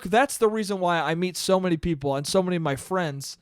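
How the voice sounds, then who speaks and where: A man's voice: sits high, fairly quick, clean tone, dry recording, studio quality. A man hosting a solo podcast, telling stories in a profane, exasperated, mocking rant. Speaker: podcast host. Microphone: podcast microphone.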